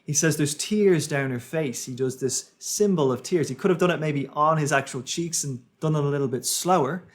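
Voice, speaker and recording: A man commenting as a public speaking coach, calmly analysing a speech and explaining its techniques. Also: fairly high pitch, moderate pace. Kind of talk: reaction commentary.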